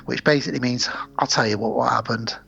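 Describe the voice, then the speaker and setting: A man's voice: medium pitch, fairly even intonation, quick pace, gravelly, pushed and bright, slightly rough, highs cut off. A man co-hosting a podcast, retelling a film scene by scene in casual chat and acting out the characters' lines. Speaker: podcast co-host.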